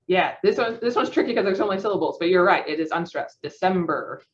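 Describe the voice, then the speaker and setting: A woman's voice: lowish voice, animated, quick pace. A young woman leading a phonetics practice session, encouraging and praising answers with frequent laughs. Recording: dull muffled lo-fi audio.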